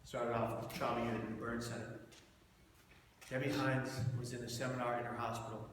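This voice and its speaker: A man telling his personal story to an audience as a public speaker, dramatic, swinging between hushed and loud. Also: mid-range voice, flat delivery, a little fast. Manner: dramatic, shifts from hushed to shouting for effect. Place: large event hall. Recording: echoey hall, mic far off, noisy.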